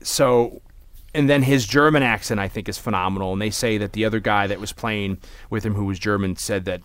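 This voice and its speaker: A man's voice: on the low side, fairly even intonation, brisk, a bit bright, no room sound. Rambling man chatting about a movie. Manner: rambling, many restarts and asides. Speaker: podcast co-host. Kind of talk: casual movie discussion.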